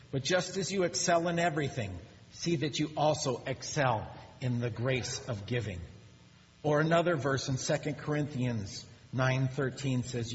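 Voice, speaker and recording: A man preaching a sermon as pastor, telling stories with animated, rising energy. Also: a little hiss or hum. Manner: animated storytelling, rising pitch when excited. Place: church sanctuary. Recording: muffled recording in a large reverberant church.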